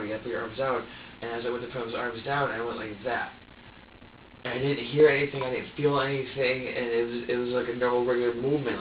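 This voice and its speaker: A man being questioned by police, talking in halting bursts, repeating words and swearing as he quotes himself. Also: medium pitch. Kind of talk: police interrogation recording. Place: interrogation room. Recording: roomy, distant, dull with hiss.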